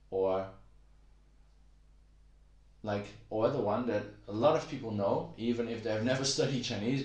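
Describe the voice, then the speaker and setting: A man giving a casual spoken lesson on pronunciation, relaxed and halting, with many fillers, slowly demonstrating sounds. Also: on the low side, echoey room. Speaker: language teacher.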